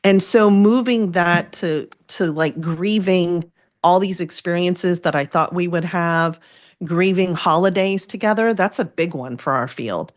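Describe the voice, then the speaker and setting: A woman's voice: lowish voice, a little slow. A middle-aged woman, a therapist and first responder spouse, speaking openly and emotionally in an interview, with self-deprecating humor. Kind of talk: candid interview conversation.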